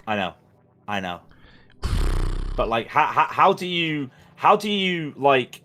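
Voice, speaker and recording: A man's voice: a little high, big pitch swings, slow pace, pushed and bright, a little hiss or hum. A man commentating on a sim race in casual chat, rambling and joking with plenty of stammered restarts.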